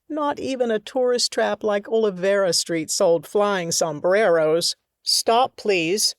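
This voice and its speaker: A woman narrating fiction in an audiobook, with measured, expressive storytelling in a studio. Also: medium pitch, no echo.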